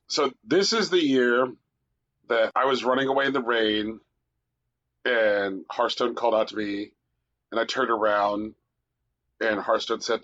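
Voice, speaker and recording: A man co-hosting a casual chat show, spinning playful tall tales and dropping the odd swear. His voice sits in a middling pitch. The audio is dull and lo-fi. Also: a little slow, pauses often, fairly bright tone. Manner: joking, swears, tells mock-romantic bits. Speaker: podcast co-host.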